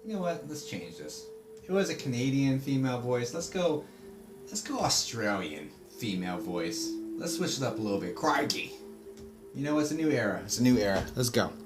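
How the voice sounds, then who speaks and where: A man's voice: medium pitch, very animated, fairly quick. Rambling man, music underneath. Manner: rambling, full of fillers and self-corrections. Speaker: psychic medium. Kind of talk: livestream reading, casual chat. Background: background music.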